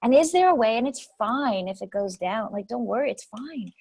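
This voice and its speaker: Woman coach on a podcast, kinda high voice, dry close sound, gets animated and repeats stuff. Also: normal speed, breathy edge, dry recording, poor audio. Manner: animated, repeats phrases for emphasis. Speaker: guest speaker coach. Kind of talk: conversational interview storytelling.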